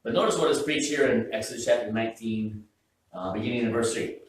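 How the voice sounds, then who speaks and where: In a church sanctuary, a pastor preaches in a casual, joking, conversational way, constantly stopping and restarting his sentences. His mid-range voice is fast, and the rough recording from a distant mic sounds very echoey.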